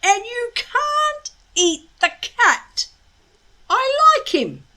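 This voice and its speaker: A fretful young Viking boy trying hard to sound calm and patient, his voice going thin and pleading, as a woman reads him out. It is pitched high above her normal voice and drawn out slowly. Storybook read-aloud. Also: exaggerated voice. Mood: exasperated. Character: anxious, exasperated young Viking boy hero.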